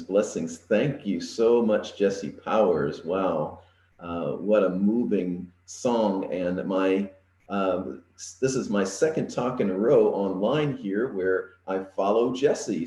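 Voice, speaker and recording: A middle-aged man, an interim minister, giving a gentle, reflective online sermon from his home, with frequent pauses and fillers. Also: on the low side, roomy sound. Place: home setup.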